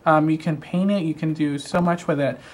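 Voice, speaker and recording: A man's voice: a little high, fairly even intonation, normal speed. A man hosting a live craft show, walking through products in a gushing, chatty way with frequent "um" fillers.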